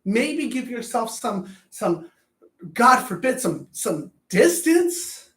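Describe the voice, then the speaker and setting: A man's voice: very high-pitched, very animated, slow pace, a bit bright. A man coaching anger management in a blunt, profane self-help talk, often repeating words as he thinks. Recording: roomy echo.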